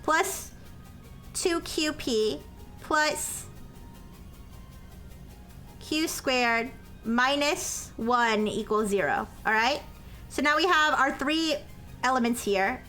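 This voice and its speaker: A high, bright woman's voice that walks through equations at an unhurried pace, checking in after each step and turning flustered and apologetic when her chat corrects her. Faint music plays softly behind her. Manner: explains step by step with frequent "okay?" and "all right?" checks; self-described as highly caffeinated. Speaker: streamer working through a math problem. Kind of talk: live-stream explaining math to chat.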